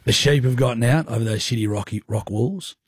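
A male radio co-host with a slightly husky voice, recorded dry and close. He teases his partner and laughs easily through the banter. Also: medium pitch, a little fast, dry recording. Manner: teasing, laughing often.

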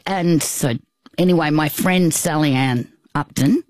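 An older Australian woman, appearing as a guest, tells a personal story at an unhurried pace in a low, darkish voice. She speaks haltingly, restarting and adding asides. The sound is close and dry, with no echo.

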